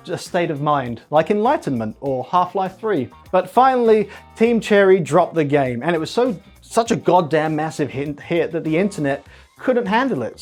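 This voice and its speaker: A man hosting a comedic tech news monologue, with punchy, jokey delivery and big swings in pitch. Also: a little mellow. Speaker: host.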